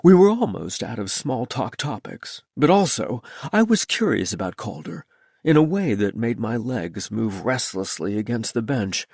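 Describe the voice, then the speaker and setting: A man narrating a story in the first person with a lively, expressive delivery. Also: mid-range voice, normal speed, gravelly, breathy edge, no echo, studio quality. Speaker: audiobook narrator.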